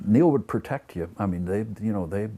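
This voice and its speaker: A man's voice: fairly low pitch, a little fast. A man telling tour stories in a casual interview, acting out the people he quotes and swearing freely. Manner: animated storyteller acting out quotes, many fillers; profane, blunt. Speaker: interview guest. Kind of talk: casual storytelling.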